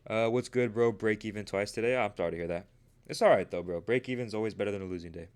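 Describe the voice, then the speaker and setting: Casual young man with a smooth voice. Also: on the low side, quick pace, darkish tone. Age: 20s. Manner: casual, peppered with "right?" and "bro"; earnest, motivational. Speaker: trading livestream host. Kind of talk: casual livestream chat.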